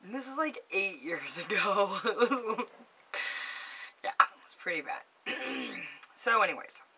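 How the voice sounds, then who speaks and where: A woman's voice: on the high side, big pitch swings, takes it slowly, pushed and bright, husky. A woman vlogging, telling a story in a chatty, gossipy way, acting out both sides of a phone call, swearing casually and giggling along.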